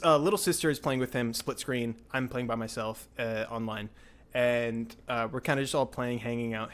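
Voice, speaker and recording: A young man hosting a podcast, telling a story in a rambling, excitable way with lots of filler words. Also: mid-range voice. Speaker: podcast host. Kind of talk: casual storytelling chat.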